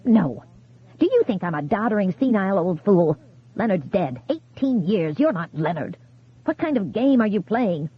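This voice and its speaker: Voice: mid-range voice, big pitch swings, normal speed, husky. A narrator voicing a frail old widow, weak and quavery, frightened and angry. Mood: angry, panicked. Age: older. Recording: tinny phone-like sound.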